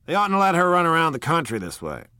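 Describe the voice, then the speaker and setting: A man voicing a blunt, domineering wealthy young man in a storybook reading, with a brusque, forceful manner. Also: on the high side, big pitch swings, fast talker, smooth, no echo, studio quality, pitched above the performer's own voice.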